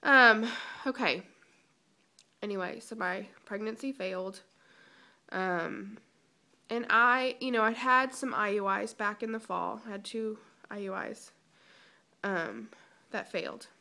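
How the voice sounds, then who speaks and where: A woman's voice: mid-range voice, takes it slowly, creaky, long pauses, pushed and bright. A young woman giving a chatty, emotional personal vlog update, holding back tears, with many ums and restarts. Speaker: vlogger.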